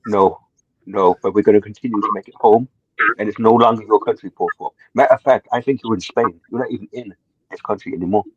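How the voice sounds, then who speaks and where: Guy doing a husky taunting migrant caller, fast and low, muffled dry line. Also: fairly even intonation, dry recording. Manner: taunting, calls people brother. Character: brash taunting male migrant caller, defiant.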